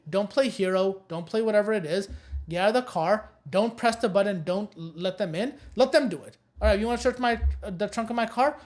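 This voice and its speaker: A woman's voice: medium pitch, darkish tone. A woman teaching a recorded know-your-rights course, giving blunt and emphatic advice and repeating her key warnings. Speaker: course instructor.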